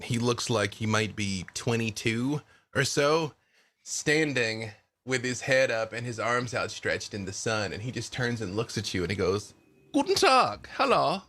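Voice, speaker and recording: A man's voice: lowish voice, unhurried, a bit bright. A man narrating a tabletop game as game master, playful and descriptive.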